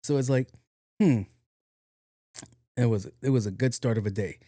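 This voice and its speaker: Animated young man telling a story on a podcast. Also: mid-range voice, quick pace, no echo, studio quality. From New York. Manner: animated, profane, self-mocking storyteller. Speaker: podcast host. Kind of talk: casual storytelling monologue.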